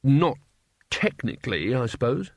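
A man voicing a gloomy, pessimistic failed wizard who speaks flatly and glumly. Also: medium pitch, unhurried, vocal fry, dry recording, studio quality, heavily acted. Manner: flat, glum.

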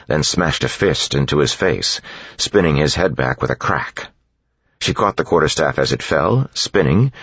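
A man narrating an audiobook in a steady, measured storytelling voice, in a dull lo-fi recording. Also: a bass voice, slightly rough, no room sound. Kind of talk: scripted narration.

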